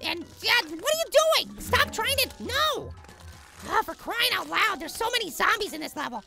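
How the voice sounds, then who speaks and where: A man voicing a tiny, excitable cartoon apple boy in frantic let's play commentary, yelling at the game. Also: moderate pace, vocal fry, exaggerated voice. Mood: frantic excited. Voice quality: squeaky, sped-up high voice. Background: game music.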